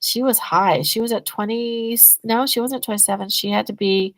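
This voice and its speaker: A woman, a guest on a podcast interview, telling a story in a casual, animated way and acting out both sides of the conversations. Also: fairly high pitch, moderate pace, no room sound, poor audio. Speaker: guest, energy healing business owner.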